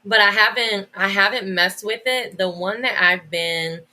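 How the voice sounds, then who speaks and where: A woman's voice: mid-range voice, measured pace, bright, forceful tone. A woman educator as a podcast guest, talking enthusiastically in a casual, rambling way with many restarts and "like" fillers.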